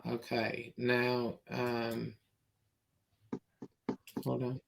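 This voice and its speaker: A woman hosting a livestream, talking in a halting way with many pauses and fillers as she reads messages aloud. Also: a bass voice, monotone, gravelly. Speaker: show host. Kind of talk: livestream interview.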